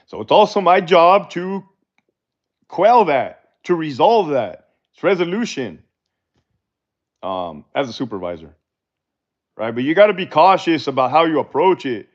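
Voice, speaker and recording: A man's voice: fairly high pitch, very animated, measured pace, long pauses. A middle-aged man and former prison officer, chatting casually on a livestream and answering viewer questions in a blunt, profane, laid-back way. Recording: dull lo-fi livestream audio.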